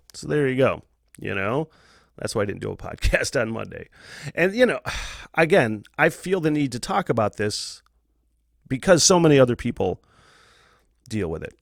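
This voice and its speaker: Brief: male podcast host, rambling and profane, lively pitch, close and dry. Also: moderate pace, creaky, long pauses, dry recording. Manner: profane, rambling, laughs often. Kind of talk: candid casual monologue.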